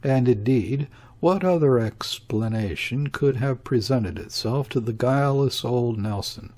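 A man reading a classic novel aloud as an audiobook narrator, in a measured, even manner. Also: mid-range voice. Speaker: audiobook reader. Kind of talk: scripted literary narration.

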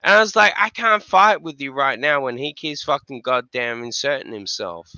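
A man co-hosting a livestream chat, swearing freely and mocking in an animated way. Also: mid-range voice, normal speed, no echo, dull audio. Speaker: livestream co-host. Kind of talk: profane casual chat.

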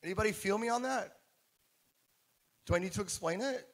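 A man's voice: high-pitched, a little fast, gravelly. A man giving a live keynote talk to a conference audience, asking the room questions as he goes. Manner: animated, asks the audience questions. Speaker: keynote speaker.

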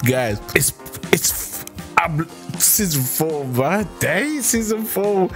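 A woman's voice: sits low, sing-song, slow pace, soft background music. A woman hosting a sitcom reaction video, laughing a lot and often repeating herself as she thanks viewers. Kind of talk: casual reaction commentary.

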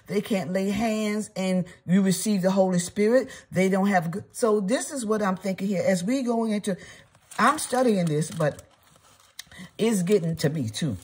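A woman's voice: medium pitch, darkish tone, husky. A woman in her seventies teaching a Bible study in an earnest way, often checking in with her listeners. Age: 70s.

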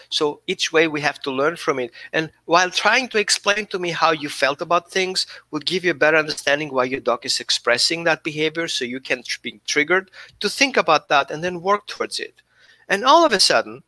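A man's voice: a little high, bright, forceful tone, dry recording. A man who is a dog behaviorist, giving an earnest, coaching talk during a live Q&A and often repeating himself.

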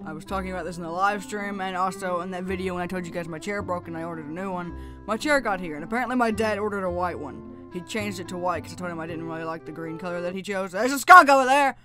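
A woman giving casual gameplay commentary, chatty and excitable with frequent laughs, her voice still groggy and lower than usual from just waking up. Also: quick pace, music in the background. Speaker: gaming YouTuber.

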